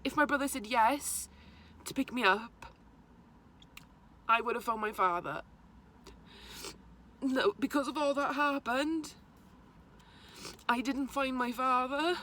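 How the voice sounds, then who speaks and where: Young woman vlogging a hard personal story, fairly high voice, stops and restarts a lot. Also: pushed and bright, a little hiss or hum. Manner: halting, emotional retelling with restarts.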